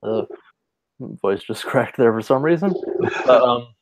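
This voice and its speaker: A man co-hosting a casual online chat, relaxed and quick to laugh. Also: mid-range voice, background noise. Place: online video call.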